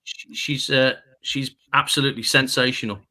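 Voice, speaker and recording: Bright-voiced chatty English man. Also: mid-range voice, steady tone, normal speed. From England. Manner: chatty anecdotes with jokes, puts on voices in quotes. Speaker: guest radio presenter. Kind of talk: casual chat, storytelling.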